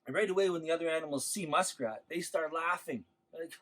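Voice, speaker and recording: A man telling a traditional legend to schoolchildren in an animated, expressive way. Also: on the high side, fairly quick, hardly any pauses, rough recording. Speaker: storyteller.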